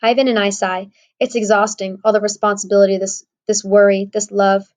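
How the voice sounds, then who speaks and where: A woman's voice: mid-range voice, little pitch movement, brisk, darkish tone, rough recording. Wry, conversational woman narrating an audiobook. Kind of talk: first-person audiobook narration.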